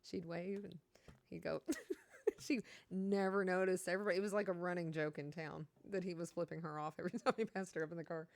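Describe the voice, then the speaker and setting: A woman's voice: lowish voice, steady tone, fast, creaky, no echo. A woman from Kentucky with a Kentucky accent, chatting casually on a stream and reading out chat, rambling and laughing as she talks.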